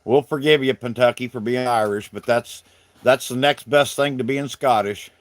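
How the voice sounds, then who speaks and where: A man's voice: mid-range voice, moderate pace, no room sound. A middle-aged man from South Carolina with a Southern accent, chatting casually with viewers on his livestream in a folksy, rambling way. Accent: Southern American. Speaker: livestream host.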